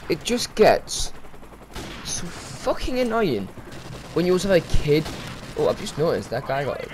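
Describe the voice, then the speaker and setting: A young gaming commentator rants casually over gameplay, his slightly high voice swinging widely in pitch at a moderate pace with a darkish tone. He swears, sounds exasperated, and breaks into sudden outbursts, with slight background noise in the recording.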